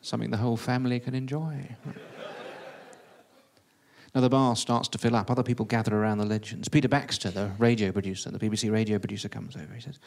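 A man tells a funny story about himself, self-deprecating and chatty. He rattles along at a brisk pace. His voice sits at a middling pitch. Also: fairly even intonation, gravelly, a little mellow. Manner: self-deprecating, quick and conversational. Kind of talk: comic first-person storytelling.

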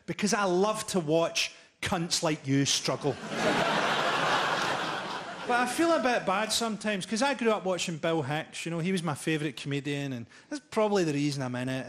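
High-voiced man doing deadpan stand-up. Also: normal speed, some chatter behind. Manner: deadpan, profane, dark jokes. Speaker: stand-up comedian. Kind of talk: stand-up routine. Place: live comedy venue with audience laughter.

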